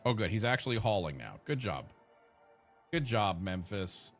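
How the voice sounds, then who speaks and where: A man's voice: fairly low pitch, very animated, normal speed, fairly bright tone, soft background music. A man streaming a game, chatting casually and profanely with his viewers and his characters while he plays. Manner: profane, joking, talks to chat and his characters. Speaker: gaming streamer. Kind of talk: casual let's-play commentary.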